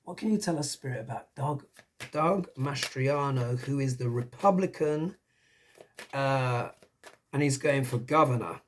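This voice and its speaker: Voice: mid-range voice, unhurried, a little hiss or hum. A tarot reader giving a casual, musing reading, talking it through aloud and often tossing in rhetorical questions.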